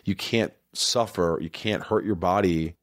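A man's voice: low-pitched, unhurried, dry recording, clean studio sound. A man in his forties, a podcast host, talking earnestly and emphatically in a rambling, confessional way. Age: 40s. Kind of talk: casual confessional talk.

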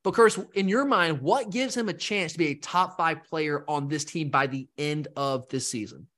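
A man co-hosts a casual sports podcast, rambling with animated enthusiasm. His voice sits a bit higher than most men's. He keeps the talk loose and conversational. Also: moderate pace. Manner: animated, rambling, mimics fans in quotes. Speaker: podcast co-host.

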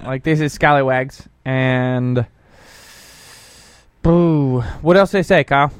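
A man's voice: mid-range voice, takes it slowly, clear, resonant tone, no room sound. A man hosting a morning radio show, chatting casually and teasing his co-hosts with lots of laughter. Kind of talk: casual chat.

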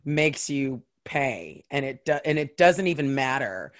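Woman, from the US, comedian guest, casual podcast chat, animated storyteller, acts out voices, lots of "like". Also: a bass voice, measured pace. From United States.

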